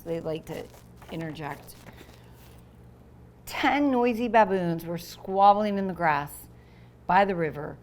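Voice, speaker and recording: A woman teacher reading a picture book aloud to young children, pausing to explain words and voicing the sound effects with lively expression. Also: fairly low pitch, a little hiss or hum.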